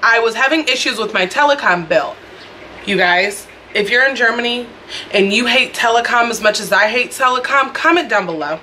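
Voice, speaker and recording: Recorded on a phone camera indoors with faint noise behind her, this storytime vlog features a young woman whose bright, clear voice sits on the high side at normal speed. She chats expressively and speaks directly to viewers.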